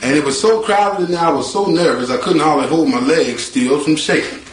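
Lively man spinning a yarn. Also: fairly high pitch, normal speed. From North Carolina. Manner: colloquial, lively, acts out voices with laughter. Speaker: guitarist telling his life story. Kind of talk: animated spoken storytelling. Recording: roomy sound with faint guitar behind.

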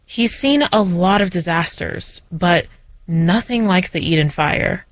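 Low-voiced woman news narrator. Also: no echo. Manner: measured, clear report delivery. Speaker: news reporter.

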